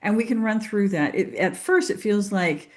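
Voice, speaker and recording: A woman hosts a relaxed interview, with a voice in the middle range for women. She sums up her guest's points in an encouraging way. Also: mid-range voice, normal speed. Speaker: host. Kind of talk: casual interview talk.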